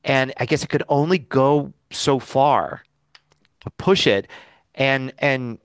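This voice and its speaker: A man's voice: mid-range voice, takes it slowly, clear, resonant tone, dry recording. A man co-hosting a podcast, chatting casually in a rambling way with many fillers, recorded in a home studio. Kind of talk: casual chat.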